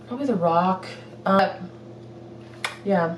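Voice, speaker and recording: Answering questions from her viewers, a young woman who runs a fitness vlog chats loosely, giggling and filling gaps with fillers. She speaks at a moderate pace with medium pitch, and the distant mic picks up room echo and slight noise.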